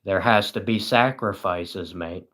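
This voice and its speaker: A man's voice: low-pitched, unhurried, a bit bright. A tired British man hosting a livestream, chatting casually and reading viewers' comments with dry, self-mocking sarcasm. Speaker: livestream host.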